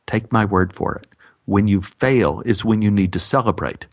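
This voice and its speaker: A gentle, philosophical salesman offers cheerful advice about failure, voiced by a male narrator. His low tone is soft and persuasive, heard within a spoken story. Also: moderate pace, no echo, clean studio sound. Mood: reassuring.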